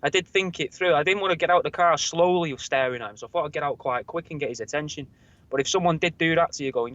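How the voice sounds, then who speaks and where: A man's voice: fairly high pitch, quick pace, a bit bright, dry recording. A man, co-hosting a podcast and telling rambling anecdotes in casual chat, swearing freely. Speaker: podcast co-host. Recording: dull lo-fi dry recording.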